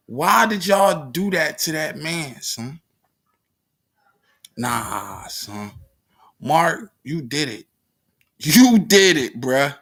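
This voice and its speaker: Slow, emphatic man reacting to a clip. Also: fairly high pitch, a bit bright. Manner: emphatic, repeats himself, calls listeners "gang"; heated and accusing at times. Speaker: reaction streamer. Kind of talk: live reaction commentary.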